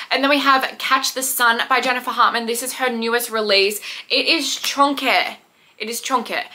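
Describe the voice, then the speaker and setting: A woman's voice: a little high, sharp tone. A young woman, chatting casually to camera about her unread books in a rambling, self-deprecating way. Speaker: book vlogger.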